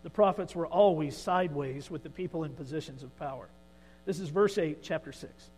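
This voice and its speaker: A man preaching a sermon who retells a scripture story, swinging between quiet asides and emphatic, vivid storytelling. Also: on the high side, fairly quick, long reverb tail, slight background noise, poor audio. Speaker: pastor.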